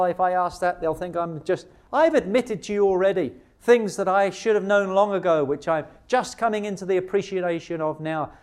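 Emphatic high-voiced male preacher. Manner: emphatic, rhetorical questions, slows for key words. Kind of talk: sermon.

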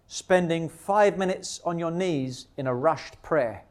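Emphatic high-voiced male preacher. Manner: emphatic, rhetorical questions, slows for key words. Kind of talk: sermon.

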